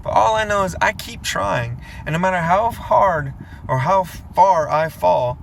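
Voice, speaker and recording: Gravelly, earnest man in his thirties. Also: high-pitched, animated, unhurried, a little hiss or hum. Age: 30s. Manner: earnest, rambling, emotional. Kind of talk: confessional vlog monologue.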